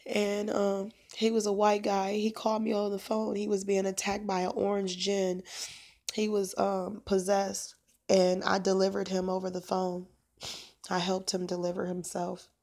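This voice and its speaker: A woman's voice: medium pitch, completely flat delivery, moderate pace, gravelly, darkish tone. A woman talking casually on a phone livestream as a prayer minister, meandering with lots of fillers and asides.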